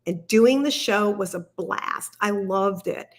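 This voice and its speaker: A woman's voice: medium pitch, slow. A middle-aged woman, a company founder, explaining her career with enthusiasm as a livestream guest. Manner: enthusiastic, explanatory, often says "like" and "really". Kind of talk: casual livestream chat.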